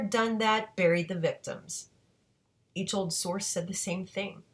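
Low-voiced woman reading a novel aloud. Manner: steady reading with occasional self-corrections. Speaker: audiobook reader.

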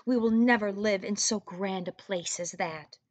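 A woman's voice: medium pitch, a little slow, dry recording, close to an everyday voice. A woman teacher reading the lines of a stern oldest son from a storybook, in a scolding tone. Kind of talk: reading a storybook aloud to a class.

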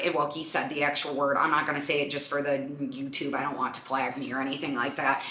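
A young woman hosts a casual podcast, retelling a night out with lively, filler-heavy chatter. Her voice sits a little low but sounds bright and forward. The room around her has a noticeable echo. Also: fairly quick. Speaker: podcast host. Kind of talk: casual storytelling chat. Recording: echoey room.

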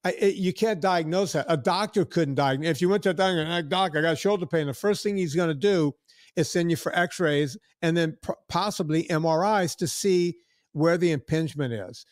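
A man's voice: a little high, moderate pace, no room sound, studio quality. A man in his sixties hosting a podcast, rambling in casual chat with many restarts and acted-out quotes. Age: 60s. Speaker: podcast host.

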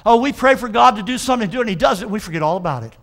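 A male pastor with a notably high voice preaches to his congregation in a church. He talks emphatically and keeps calling for answers from the pews. He slows right down to stress each line of scripture. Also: animated, a bit bright. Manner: emphatic, call-and-response with the congregation. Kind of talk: sermon.

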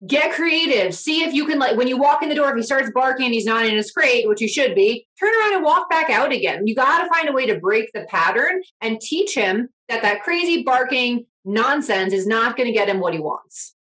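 A woman co-hosting a dog-training podcast in casual, expressive chat. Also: fairly high pitch, brisk, few pauses, low-quality recording.

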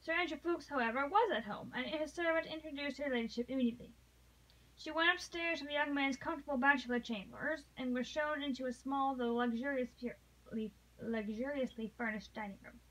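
A woman reading a classic novel aloud, pausing and restarting, growing dramatic at emotional passages. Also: sits high, fairly bright tone, low-quality recording. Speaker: reader.

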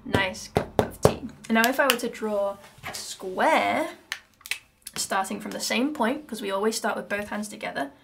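A British woman teaching handpan rhythms, chatty and explanatory, who counts the beats out loud. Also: medium pitch, normal speed, vocal fry, very noisy. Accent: British English. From Britain. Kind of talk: music lesson. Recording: music playing in background. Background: handpan music.

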